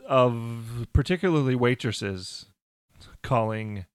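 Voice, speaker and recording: Man host, mid pitch, stop-start storytelling, laughs easily, dry close mic. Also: expressive, smooth, no echo. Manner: halting, restarts often, laughs easily. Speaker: podcast host. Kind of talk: casual podcast chat.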